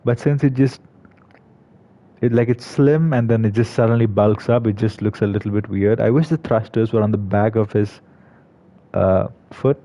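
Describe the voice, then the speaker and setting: This gaming video creator's voice is warm and on the low side, delivered at normal speed. His casual game commentary is hesitant and packed with fillers and restarts. The lo-fi recording has a slightly dull quality.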